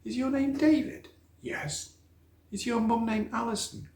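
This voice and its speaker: Kind soldier dad back from war, gentle and slow, storytelling voice played by a man, echoey church. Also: very high-pitched, steady tone, voice pushed up. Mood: curious. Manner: gentle, slow and tender when revealing himself. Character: kind young soldier father returning from war.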